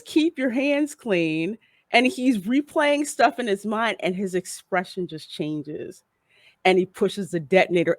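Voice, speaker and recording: Animated woman retelling a show. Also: a little high, dry recording, studio quality. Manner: animated storyteller, acting out quotes. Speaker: co-host. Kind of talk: casual chat recapping a show.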